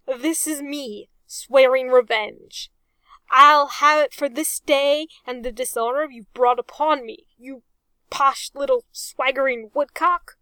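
A man's voice: extremely high pitch, fairly even intonation, slow, sharp tone, smooth, dry recording, full character voice. A woman voicing a sullen young man turned pirate who hisses furious threats of revenge. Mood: vengeful.

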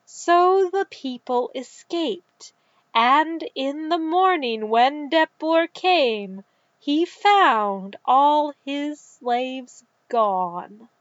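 A woman reading a story aloud in a calm, measured way. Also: sits high, no room sound. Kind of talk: scripted narration. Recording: dull, dry recording.

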